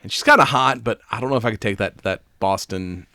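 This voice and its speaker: A man's voice: on the low side, quick pace, pushed and bright, no echo, studio quality. A man hosting a podcast, chatting loosely with lots of swearing and laughter. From Southern United States. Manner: loose and rambling, swears a lot, laughs often. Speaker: podcast host. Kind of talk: casual chat.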